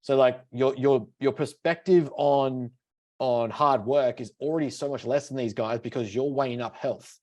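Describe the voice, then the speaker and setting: On a lo-fi recording, a man co-hosting a podcast tells animated stories in casual chat at a moderate pace, swearing freely. His voice sits in the mid-range.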